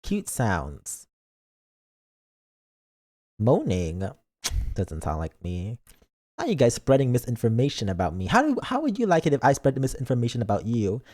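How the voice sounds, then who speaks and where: A male VTuber chats through his game stream with a goofy, teasing streak, and gets mock-defensive with his viewers. His pitch jumps around in a lively, expressive way, sitting at a middle height for a man. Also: moderate pace, long pauses. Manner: playful, goofy, mock-defensive banter with chat. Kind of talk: casual game stream chat.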